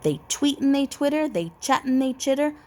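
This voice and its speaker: A woman reading a children's picture book aloud with expressive storytelling. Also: sits high, moderate pace, a little hiss or hum.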